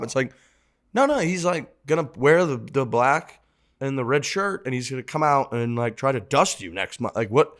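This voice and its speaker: A man's voice: mid-range voice, lively intonation, normal speed, fairly bright tone. A man co-hosting a podcast, telling stories in loose, profane banter. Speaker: podcast co-host.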